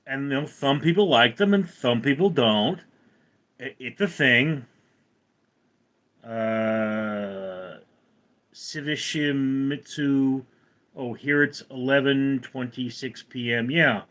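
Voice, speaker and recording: A Californian livestream host takes it slowly in a medium-pitched, slightly bright voice, captured in poor audio. He rambles through a casual stream, reading out and answering questions from the chat.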